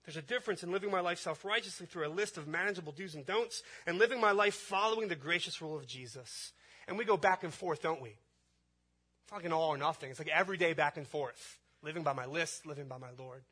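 Guy preaching a sermon, husky voice, bright and punchy, keeps repeating lines for emphasis. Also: on the high side, brisk. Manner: preaching with rising emphasis and repetition. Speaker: pastor.

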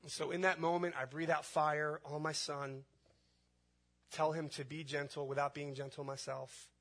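A pastor preaches a sermon in a slightly high, somewhat bright voice with a flat delivery and moderate pace. He builds emphasis by repeating phrases with rising intensity.

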